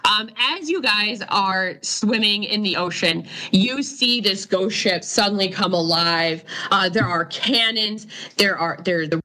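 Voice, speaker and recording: Bright-voiced woman game master. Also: mid-range voice, a little slow. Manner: energetic, dramatic narration with fillers. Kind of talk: narrating a tabletop game.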